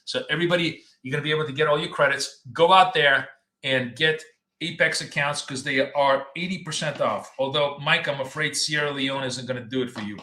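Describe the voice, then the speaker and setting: A man's voice: medium pitch, a little fast, bright, forceful tone. Chatty man live-streaming in an echoey room. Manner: rambling, chatty, addresses viewers by name. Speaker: trading coach and stream host. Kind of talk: casual live-stream chat.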